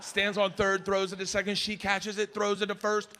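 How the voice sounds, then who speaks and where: A man performing a stand-up comedy set on a live stage, telling stories loudly and acting out other people's voices. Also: high-pitched, fast, few pauses, slight background noise. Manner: loud, animated storytelling with acted-out voices.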